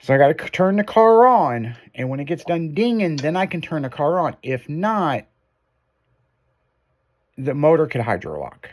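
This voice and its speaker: A man with a slightly high voice, speaking at a moderate pace, hosts a casual chat. He tells a long story packed with swearing, animatedly acting out the quotes.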